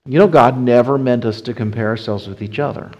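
A man's voice: medium pitch, fairly quick, a little mellow, rough recording. A man gives a sermon in a church, his voice sitting in the middle range. He speaks casually and down to earth, circling back and restarting phrases as he works through his point. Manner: conversational preaching with frequent restarts. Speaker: pastor.

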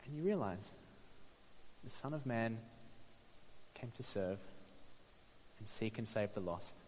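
A man preaching a sermon in an earnest way, swelling to emphatic peaks and then dropping soft. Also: lowish voice, expressive, slow pace, big-room sound, slight background noise, low-quality recording.

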